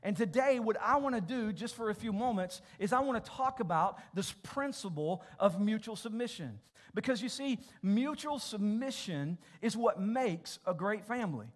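A man's voice: high voice, animated, moderate pace. A pastor preaching a sermon to his church congregation, emphatic and direct, often repeating words as he addresses families. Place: church auditorium.

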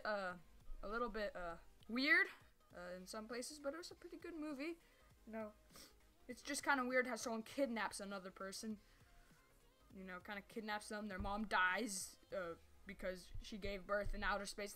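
Bright-voiced rambling gamer woman. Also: mid-range voice. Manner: rambling, easily sidetracked, stumbles over words; sudden excited yelps and squeals. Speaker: gameplay streamer. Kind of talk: casual live gameplay commentary.

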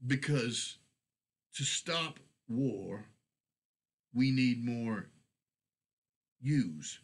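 A man reading the lines of a frail, dying male elf scholar who speaks in halting, heavily accented broken phrases. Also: medium pitch, lively intonation, pitched above the performer's own voice. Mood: earnest. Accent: broken speech with heavy foreign accent.

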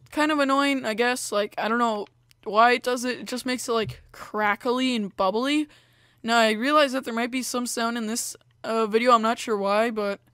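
A woman's voice: a little high, fairly bright tone, clean tone, no echo, studio quality. A young woman hosting a gameplay video, chatting casually with lots of fillers as she plays. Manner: chatty, rambling, many fillers like "like" and "you know". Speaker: gaming video host.

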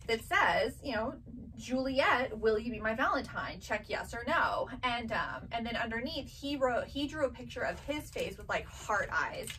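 A woman in her thirties with a fairly high voice chats casually, telling family stories and acting out her children's voices. She sits a little back from the mic, and a faint noise runs under the recording. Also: fairly bright tone, recorded from a distance, rough recording. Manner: chatty storytelling, acts out her kids' voices. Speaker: vintage box seller and mother. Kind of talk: casual chat.

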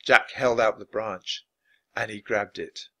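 A man reading a children's book aloud, expressive and dropping low for narration. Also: takes it slowly. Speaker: storybook reader.

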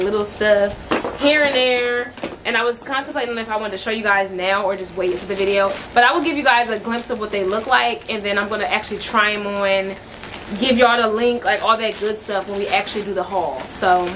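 A woman's voice: a little high, background noise. A young woman chatting casually at home as a beauty vlogger, giggly and full of fillers like "like" and "um". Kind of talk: casual vlog chat. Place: at home, indoors.

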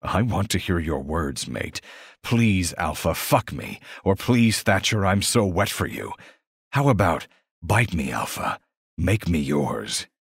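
A man voicing a huge, protective, dominant alpha shifter man with a low, intimate, commanding delivery, in an audiobook romance. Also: sing-song, slow, slightly rough, no room sound, clean studio sound, exaggerated voice. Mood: teasing.

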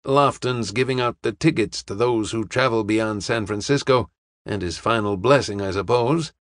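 A man voicing a weary, impatient traveler in an audiobook, talking bluntly and briskly. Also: on the low side, dry recording, clean studio sound, natural voice. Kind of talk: audiobook character reading.

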